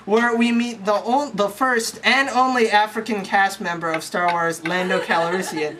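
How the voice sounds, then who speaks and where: A young storyteller rambles through a crude, slangy movie recap, scattering "like" everywhere. The voice sits at an ordinary middle pitch. Steady hiss runs under the home recording. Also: normal speed, few pauses. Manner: slangy, profane, rambling with lots of "like". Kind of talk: casual comic movie recap.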